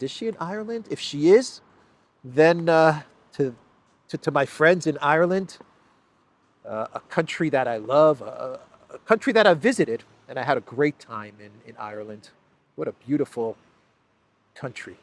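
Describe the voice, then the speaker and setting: A man's voice: fairly high pitch, expressive, moderate pace, no room sound. A man hosting a solo news commentary, talking in an emphatic, sarcastic way with frequent restarts. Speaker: political commentary host.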